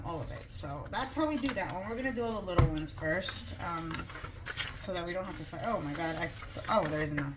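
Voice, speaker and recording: A woman vlogging casually in her home kitchen, chatty and rambling, a little out of breath and joking about herself. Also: lowish voice. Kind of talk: casual chat.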